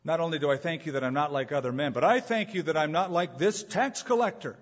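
A man's voice: a little high, quick pace, long reverb tail, natural voice. A man voicing a smug, self-righteous Pharisee in a sermon, on a dull lo-fi recording.

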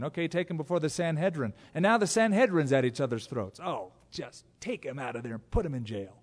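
A man's voice: medium pitch, fairly quick. Man preaching in a reverberant hall. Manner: animated, acts out biblical quotes in different voices. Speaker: pastor. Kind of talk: expository sermon.

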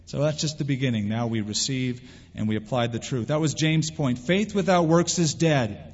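A man preaching a sermon, his voice sitting a little high and slightly husky. He is animated and slips into little quoted voices as he goes. The sound is dull and lo-fi, with long reverb trailing off a big hall. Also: normal speed. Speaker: pastor. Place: church sanctuary.

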